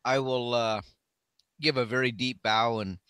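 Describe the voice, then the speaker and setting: A man's voice: mid-range voice, steady tone, a little slow, fairly bright tone, clear, resonant tone, dry recording, clean studio sound. A man playing in a tabletop game, talking casually and hesitantly, with fillers. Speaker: player.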